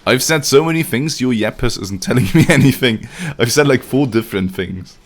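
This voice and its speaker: A man livestreams a video game, joking and cursing as he chats casually with his viewers. His voice is medium-pitched with lively intonation, and he talks at a moderate pace.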